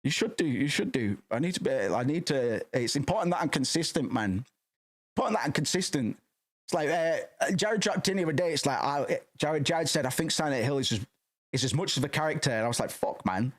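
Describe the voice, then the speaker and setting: Loud, sweary man chatting on stream. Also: a little fast. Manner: rambling, profane, says "man" a lot; loud and passionate, animated swings in pitch. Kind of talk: casual livestream chat.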